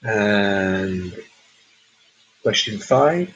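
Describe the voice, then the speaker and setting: A man's voice: mid-range voice, a little slow, highs cut off, slight background noise. A man hosting a charity pub quiz livestream, chatting and reading out donors' messages between the questions. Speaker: quiz host.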